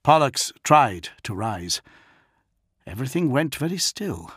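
A man giving scripted audiobook narration in a measured, dramatic storytelling manner. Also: mid-range voice, big pitch swings, a bit bright, breathy edge, no room sound, clean studio sound.

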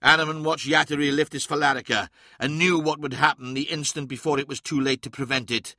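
Male audiobook narrator, measured and dramatic, bright tone, dry close sound. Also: fairly high pitch, steady tone, dry recording.

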